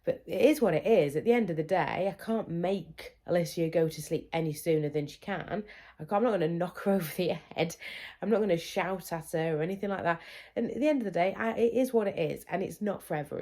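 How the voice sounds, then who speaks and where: A parenting vlogger in her thirties chats candidly to camera about how her children sleep, often acting out what the kids said in their voices. Her voice is deep with a dark tone.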